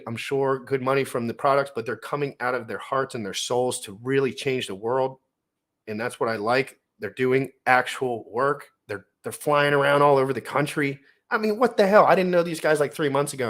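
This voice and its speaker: A young adult man hosting a casual livestream, talking in a hyped, slangy, rambling way and greeting viewers by name. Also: mid-range voice. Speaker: livestream host. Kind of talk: casual livestream chat reading out viewer names.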